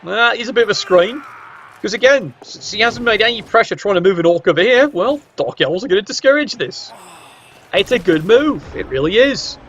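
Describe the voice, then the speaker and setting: A man doing play-by-play commentary of a video game match, with cheeky, sardonic asides and sudden jumps up in pitch. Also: animated, normal speed, fairly bright tone, husky, lo-fi sound.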